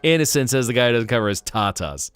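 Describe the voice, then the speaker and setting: A man's voice: medium pitch, expressive, fast talker, a bit bright, smooth, no echo. A man streaming live, chatting casually and playfully teasing his viewers as he reacts to chat. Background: faint guitar music.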